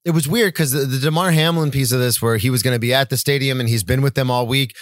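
A young man co-hosting a casual sports podcast, talking in a relaxed, rambling, agreeable way. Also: mid-range voice, quick pace, dry recording, clean studio sound. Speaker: podcast co-host.

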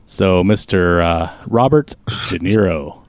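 Brief: low, dry-sounding male host, loose and jokey. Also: slow pace, no room sound. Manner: joking, loose, plugs the stream. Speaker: podcast host. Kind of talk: casual chat.

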